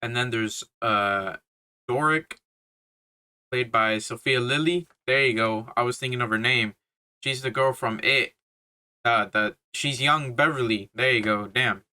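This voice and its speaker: A man's voice: mid-range voice, sharp tone. A young man giving a casual, rambling movie review, full of slang, swearing and fillers. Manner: swears a lot, laughs, filler-heavy slang.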